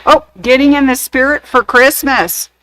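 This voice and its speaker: A woman's voice: sits high, fairly even intonation, moderate pace, low-quality recording. A woman hosting a sewing shop's live show, gushing over craft samples and telling corny jokes in casual chat.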